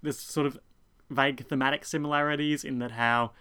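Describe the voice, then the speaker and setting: A man's voice: medium pitch, fairly even intonation, brisk, sharp tone, clear, resonant tone. A man co-hosting a casual podcast, recapping an anime episode in a rambling, self-deprecating way. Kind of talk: casual chat.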